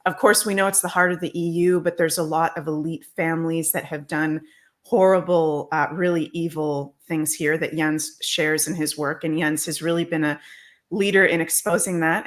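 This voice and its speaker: A woman astrologer talking as a guest in a casual, emphatic and digressive way. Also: lowish voice. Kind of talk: casual explanatory talk.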